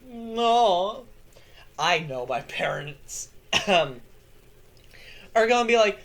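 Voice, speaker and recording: A young adult lore channel host in casual commentary, hoarse from yelling and excitable, swearing freely. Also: mid-range voice, extremely slow, long pauses.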